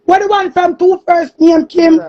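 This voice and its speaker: A woman with a Jamaican accent in an angry, cursing monologue, often shouting. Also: very high-pitched, steady tone, normal speed. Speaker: streamer. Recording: muffled lo-fi recording.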